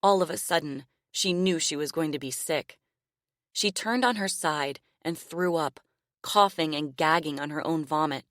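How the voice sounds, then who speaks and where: A woman narrating a novel audiobook in a measured, expressive reading style. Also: deep voice, no echo, studio quality. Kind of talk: scripted narration.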